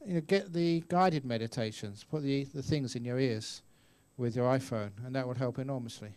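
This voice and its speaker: A man's voice: mid-range voice, normal speed, a little mellow. Man in his 60s, Buddhist teacher, chatty storyteller style. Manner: chatty storyteller, acts out voices, laughs often. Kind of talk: dharma talk answering questions. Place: meditation retreat hall.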